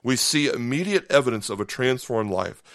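A man's voice: medium pitch, expressive, moderate pace, fairly bright tone, no room sound, clean studio sound. A man preaching a podcast sermon in a conversational way, acting out short voiced asides and often checking in with "okay?". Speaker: pastor.

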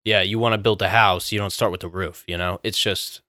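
A man's voice: low voice, steady tone, a little fast, sharp tone, no room sound, studio quality. A man in a casual podcast chat who talks bluntly and emphatically and swears freely.

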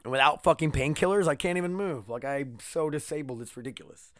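A man talks through a casual solo podcast in a slightly high voice. He rambles, swears freely and cracks jokes while sore from a recent neck surgery. The sound is dry and close, with no room echo. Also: quick pace. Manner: rambling, profane, joking. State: in pain after neck surgery, wearing a neck brace. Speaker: podcast host.

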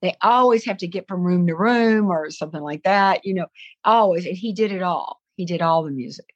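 Chatty Southern woman, lowish voice. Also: a little fast, no echo, dull audio. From American South. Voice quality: chatty, rambling, full of asides. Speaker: voice-over actress, interview guest. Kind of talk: casual anecdotal interview talk.

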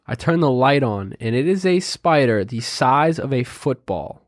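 A man's voice: mid-range voice, measured pace, no echo, clean studio sound. A young man in casual podcast chat, telling a story with energy and checking in with "right?" and "dude" as he goes. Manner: animated storyteller, says "right?" and "dude" often. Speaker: podcast co-host.

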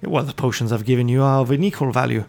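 Gravelly-voiced man as game master. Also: mid-range voice, racing, a little mellow. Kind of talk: narrating and voicing characters in a tabletop game.

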